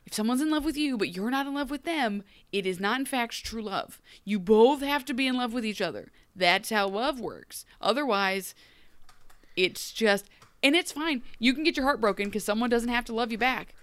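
Her voice sits on the high side at a moderate pace, with no room sound. She co-hosts a podcast, casually going over a TV episode and animatedly performing the characters' lines while telling it.

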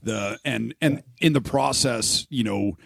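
The Saskatchewan podcaster, a middle-aged man, speaks a little slowly in a gravelly mid-range voice, cursing often and rambling with many restarts in a casual, frank way. The studio sound is clean, with no echo.

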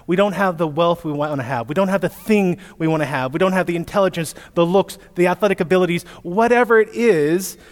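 A man in his thirties, a pastor giving a sermon, telling stories with lively asides to his listeners. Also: a little high. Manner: storytelling with animated asides to listeners. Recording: echoey hall, long reverb.

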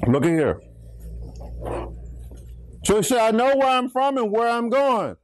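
High-voiced preacher calling out to his flock. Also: very animated, a little slow. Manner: preachy, swings pitch, asks congregation to finish lines. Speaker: pastor. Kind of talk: call-and-response Bible teaching.

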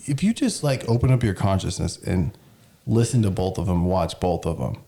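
A man with a dark, mellow voice co-hosts a casual podcast. He rambles through stories and drifts onto side tracks before finding his way back. His delivery is relaxed and unpolished. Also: low-pitched, moderate pace, vocal fry. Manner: rambling, digressive storyteller. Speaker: podcast co-host. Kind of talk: casual chat.

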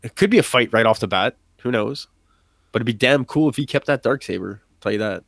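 Excited man talking fast and loose. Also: medium pitch, gravelly, no echo, studio quality. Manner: animated, excited, many fillers and acted-out quotes. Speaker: podcast co-host. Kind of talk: casual chat.

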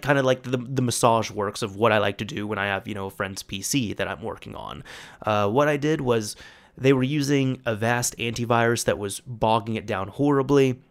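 A young man casually telling a story about fixing a friend's computer, acting out the quoted dialogue with lively energy. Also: medium pitch. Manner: animated, acts out quoted dialogue. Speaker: storyteller recounting a tech fix.

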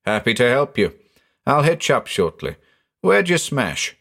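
Excitable rustic farmer, folksy backcountry talk, quavering, higher-pitched , voiced by a man, audiobook ghost story. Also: measured pace, vocal fry, full character voice. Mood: friendly.

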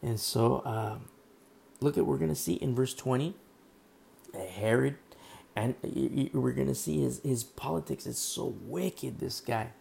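A hoarse man with a worn-out throat preaching a casual, rambling sermon, full of fillers and asides. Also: medium pitch, a little slow, a little mellow, a little hiss or hum. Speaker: pastor.

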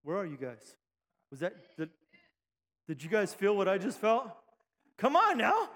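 A pastor with a high male voice delivers a sermon in a church sanctuary, his pitch swinging hugely at a normal speed with frequent pauses. He preaches rousingly, shouting at the peaks, joking with the congregation and drawing calls of amen from a faint crowd. The recording carries the long reverb of the hall.

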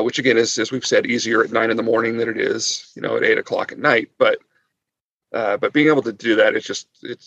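A man's voice: on the low side, gravelly, fairly bright tone, husky, dry recording. A man guest on a podcast, chatting casually and hesitantly with many fillers, heard over a dull lo-fi mic. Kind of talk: casual chat.

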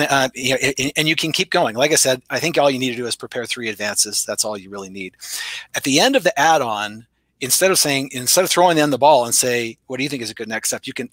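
Male sales coach, quick and sharp-toned, animated storyteller with dialogue impressions; dry, close recording. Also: mid-range voice, dry recording. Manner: animated storyteller, playful voice shifts for quoted lines. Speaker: sales trainer. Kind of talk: conversational teaching with acted-out dialogue.

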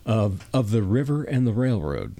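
A man in his sixties from Iowa, hosting a casual interview and telling stories in an unhurried, rambling way. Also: lowish voice, sing-song, creaky, dark tone. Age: 60s. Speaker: host.

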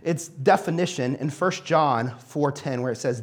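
A young man preaching a sermon, telling stories in a casual, animated way with plenty of fillers. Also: mid-range voice, unhurried, hardly any pauses. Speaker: pastor.

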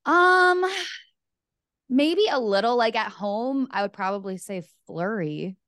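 A woman's voice: a little high, lively intonation, takes it slowly, fairly bright tone, clear, resonant tone, no room sound, studio quality. A woman co-hosting a podcast, talking sports in an easygoing, agreeable, analytical way. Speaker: podcast co-host. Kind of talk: casual sports chat.

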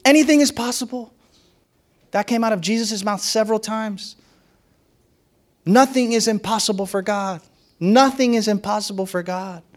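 A man's voice: high-pitched, normal speed, long pauses. A man preaching a sermon as a pastor, in a conversational and playful way, often laughing and acting out what others said.

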